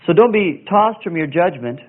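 A man teaching verse by verse through a Bible passage, slow and deliberate, pausing with fillers and spelling out Greek words. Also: high voice, expressive. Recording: tinny phone-like sound.

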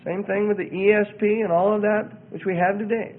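A man's voice: high voice, flat delivery, brisk, hardly any pauses. A man preaching in a sermon-style talk, emphatic and given to repeating words for effect. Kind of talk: sermon-style teaching on a religious group. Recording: tinny phone-like audio.

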